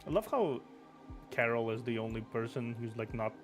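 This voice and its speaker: A man's voice: medium pitch, animated, moderate pace. A young man streaming, reading a game's story aloud with stumbles and self-corrections. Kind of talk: reading game story aloud, casual chat. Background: background game music.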